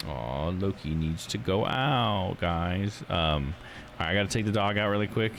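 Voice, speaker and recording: A man's voice: low-pitched, expressive, unhurried, gravelly, faint music behind. A man casually chatting through a game on a livestream, laughing at his own slips. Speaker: streamer. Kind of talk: casual live game commentary.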